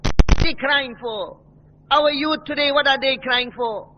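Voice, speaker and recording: A man with a very high voice delivers an impassioned sermon, acting out the people in his stories. The recording is dull and lo-fi. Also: measured pace, noisy background. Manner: impassioned storytelling, voices quoted speakers. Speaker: preacher.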